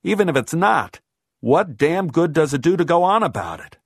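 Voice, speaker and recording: A man voicing a gruff, blunt, impatient man who talks loud and curt in an audiobook. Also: a little high, very animated, moderate pace, dry recording, studio quality, pitched above the performer's own voice, heavily acted.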